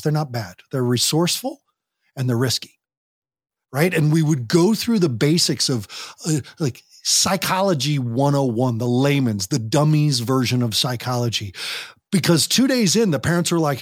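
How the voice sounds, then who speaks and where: A man's voice: mid-range voice, expressive, normal speed, no room sound, clean studio sound. A man guest on a podcast interview, talking animatedly and acting out parents and teens in quoted voices. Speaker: guest, youth program director.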